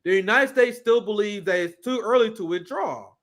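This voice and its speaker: High-pitched male commentary host, animated and profane, reading and reacting. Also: moderate pace. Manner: profane, animated, laughs often; reads clips aloud while reacting. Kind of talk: casual political commentary.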